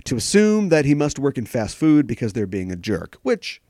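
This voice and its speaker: A man's voice: mid-range voice, big pitch swings, moderate pace, warm tone, no echo, clean studio sound. A man hosting a podcast, giving jokey commentary full of sarcastic asides. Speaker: podcast host.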